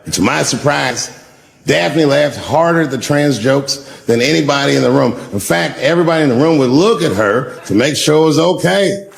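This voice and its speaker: A man's voice: a little high, expressive, normal speed, vocal fry, a little hiss or hum, poor audio. A man doing stand-up comedy, telling long profane stories in a loose conversational way. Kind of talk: stand-up storytelling.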